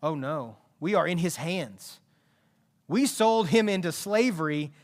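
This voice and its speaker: A man preaching who voices a group of terrified, guilty adult brothers in hushed, dread-filled tones. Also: a little high, expressive, unhurried.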